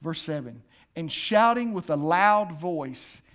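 High-voiced preacher swinging hushed to loud. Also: male voice, lively intonation, slow pace. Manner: acts out voices while reading scripture. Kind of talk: sermon.

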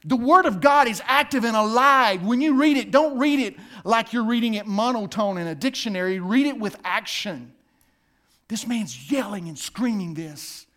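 High-voiced preacher swinging hushed to loud. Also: male voice. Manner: acts out voices while reading scripture. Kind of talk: sermon.

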